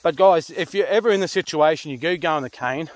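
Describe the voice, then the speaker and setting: A man's voice: fairly high pitch, quick pace, dry recording. A man with an Australian accent, a pig hunter and channel host talking casually to camera outdoors in the country, blunt and swearing freely. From Queensland, Australia. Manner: blunt, swearing, laid-back bush talk. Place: outdoors in rural cane country.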